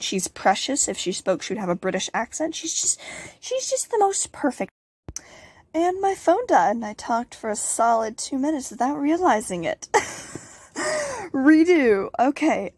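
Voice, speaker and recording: Bubbly teenage girl with a lively voice. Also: on the high side, breathy edge, no room sound. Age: teens. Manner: bubbly, giggly, rambling with playful asides. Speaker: channel host. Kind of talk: casual Q&A vlog.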